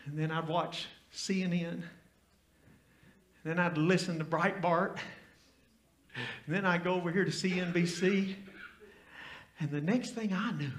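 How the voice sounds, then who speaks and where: A pastor from Tennessee, telling stories and building up to loud, fiery preaching in a church. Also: male voice, high-pitched, a little slow, long pauses, roomy sound. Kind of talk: sermon.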